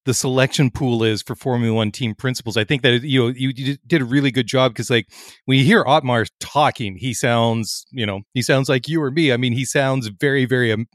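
A man's voice: mid-range voice, a little fast, no room sound. Male podcast co-host, chatty and rambling, dead-dry recording. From not American. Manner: chatty, many fillers and restarts. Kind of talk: casual podcast chat.

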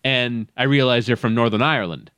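A man's voice: mid-range voice, a little fast, fairly bright tone, smooth, no room sound. A man chatting casually on a podcast, a chatty storyteller who wanders into tangents. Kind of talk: casual chat.

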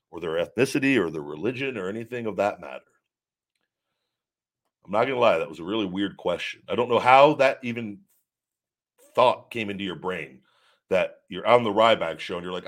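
A man with a somewhat low voice hosts a casual live stream. He reads viewer questions aloud and answers them in a candid, rambling way. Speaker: host of a live show answering viewer chat.

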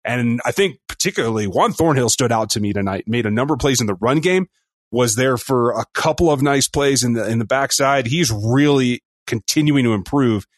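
A man co-hosting a sports podcast, talking through a game in an upbeat, quick, casual way. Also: medium pitch, no echo, studio quality. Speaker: podcast co-host.

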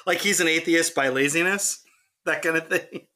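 A man hosting a casual sports podcast, chatting and joking with quick asides. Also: a little high, pushed and bright. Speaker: podcast host. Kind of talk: casual chat.

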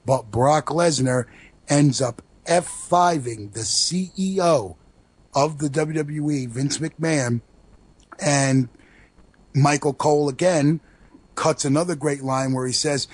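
Husky Brooklyn man recapping wrestling. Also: mid-range voice, takes it slowly, no echo. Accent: New York, Brooklyn. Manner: excited recapping, animated storytelling. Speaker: radio show co-host. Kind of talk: casual wrestling talk.

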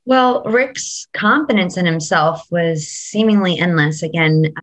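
A woman interviewed as a former investigator. She recounts the case in a measured way, and her voice sits low for a woman. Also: a bit bright, poor audio.

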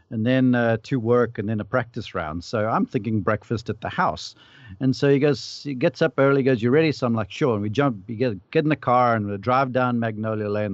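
A man's voice: medium pitch, darkish tone, dry recording. Man telling a story, dull lo-fi sound. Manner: anecdotal, acts out quoted dialogue. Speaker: podcast panelist, former caddie. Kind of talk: casual storytelling.

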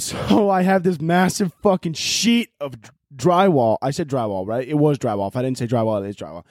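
A young man hosting a podcast, telling casual stories with lots of swearing and bursts of mock yelling. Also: a little high, no room sound, clean studio sound. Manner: animated, swears a lot, yells in mock rants. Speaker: podcast host. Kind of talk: casual storytelling monologue.

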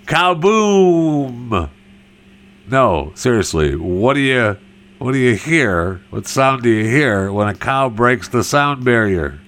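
Guy doing dad jokes real slow, lowish voice, bouncy delivery, cracks himself up. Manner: laughs at his own jokes, slow deadpan delivery. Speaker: joke teller. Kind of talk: corny cow jokes, self-amused.

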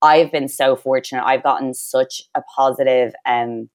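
A young Irish woman with a Dublin accent talks through her thoughts in a loose, rambling way, full of fillers and restarts. Her voice sits low for a woman. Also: steady tone, moderate pace. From Ireland. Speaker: guest, former reality show crew member. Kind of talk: casual podcast chat.

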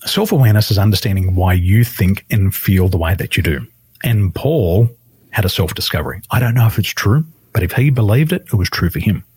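A man with a fairly low, husky voice that swings widely in pitch as he tells a story. He speaks as a life coach guest in a podcast interview and acts out the people he quotes. The sound is close and dry. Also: lively intonation, brisk, darkish tone, no room sound.

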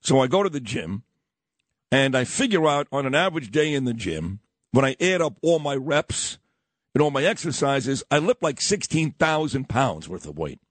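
A man, hosting morning talk radio and telling stories with lively voiced quotes. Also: medium pitch, moderate pace, no echo. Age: 50s. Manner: animated storytelling with voiced quotes. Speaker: radio host.

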